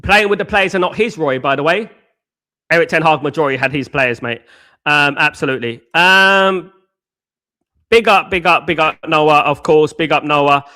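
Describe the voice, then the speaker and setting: A man's voice: a little high, normal speed, pushed and bright. A man hosting a live fan show, answering chat in casual slangy banter and firing off combative rhetorical questions. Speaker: host.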